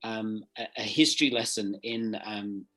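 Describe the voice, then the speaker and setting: A man from England hosting a podcast, halting and searching for words as he is moved by what he hears. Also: lowish voice, fairly even intonation, pushed and bright, soft background music. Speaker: podcast host, teacher. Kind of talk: podcast interview.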